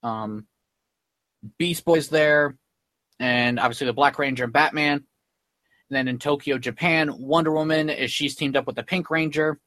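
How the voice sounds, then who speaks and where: A man's voice: on the high side, steady tone, moderate pace, pauses often, sharp tone, no echo. A man hosting a podcast, casually retelling a comic in a rambling way full of ums and likes. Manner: rambling, filler-heavy retelling with many "like" and "um". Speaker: podcast host. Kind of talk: casual chat recapping a comic.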